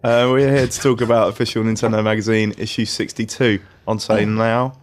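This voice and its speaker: An English man hosts a relaxed podcast, his voice sitting on the lower side. He moves through the rundown with dry, self-deprecating humor and easy banter. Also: brisk. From England. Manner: dry, self-mocking joking. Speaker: podcast host, magazine editor in chief.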